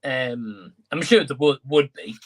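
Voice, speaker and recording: A man's voice: mid-range voice, unhurried. A man co-hosting an entertainment live stream, talking in a conversational way and thinking aloud as he goes. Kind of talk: casual chat.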